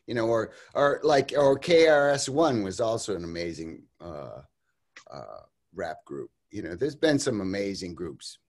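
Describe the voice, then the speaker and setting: A man's voice: fairly low pitch, very animated, a little slow. An older man as an interview guest, talking casually over a video call, rambling with lots of fillers and restarts and laughing often.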